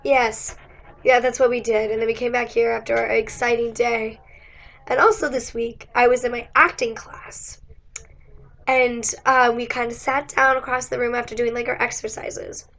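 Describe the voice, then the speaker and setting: Young woman vlogger, high-pitched, chatty and giggly, voice going. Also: level tone, normal speed, a bit bright. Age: young adult. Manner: chatty, giggly, many likes and acted-out quotes. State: losing her voice. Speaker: college student vlogger. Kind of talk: casual storytelling chat. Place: indoors.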